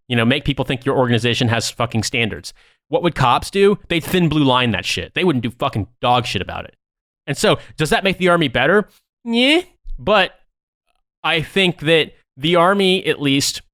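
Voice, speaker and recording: Young man, podcast co-host, profane, heated, mid pitch, dry recording. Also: a bit bright, no echo. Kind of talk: casual podcast chat.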